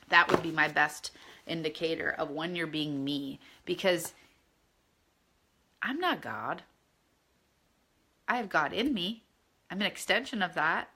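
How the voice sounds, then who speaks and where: A woman's voice: fairly low pitch, a little slow, pauses often, bright, forceful tone. A woman leading a spiritual course, talking earnestly and conversationally and often checking in with her listeners. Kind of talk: casual spiritual teaching.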